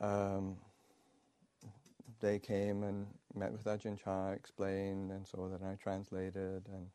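Low, mellow man telling a dharma tale. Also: completely flat delivery, clear, resonant tone. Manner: halting, many fillers and restarts, chuckling. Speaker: Buddhist monk. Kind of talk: storytelling dharma talk.

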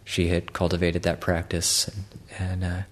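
Delivering a Dharma talk, this male Buddhist monk speaks in a deep, monotone voice. His speech is halting, with frequent repeated words and pauses filled with fillers.

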